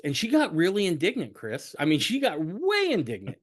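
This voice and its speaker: A man's voice: fairly quick, hardly any pauses. A middle-aged man hosting a podcast, telling a family story in casual conversation, repeating words and rambling. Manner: rambling, repeats words, animated swings in pitch. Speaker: podcast host.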